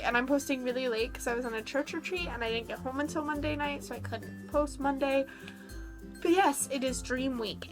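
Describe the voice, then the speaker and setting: High-voiced chatty young woman. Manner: chatty, many fillers. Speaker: vlogger. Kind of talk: casual storytelling vlog.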